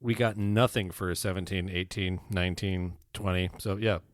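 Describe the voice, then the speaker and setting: A man co-hosting a casual podcast, firing off quick wisecracks and banter. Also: deep voice, fairly even intonation, no room sound, clean studio sound. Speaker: podcast co-host. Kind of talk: casual chat.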